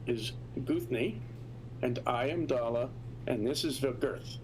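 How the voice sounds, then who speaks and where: A man's voice: medium pitch, unhurried, slight background noise, natural voice, low-quality recording. Dala, a man voicing a cat-folk girl. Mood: matter-of-fact. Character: young cat-folk village girl, attentive and direct.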